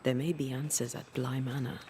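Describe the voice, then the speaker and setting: A man voicing a game companion, dry and measured. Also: medium pitch, flat delivery, slight background noise, natural voice. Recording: game audio under loud music.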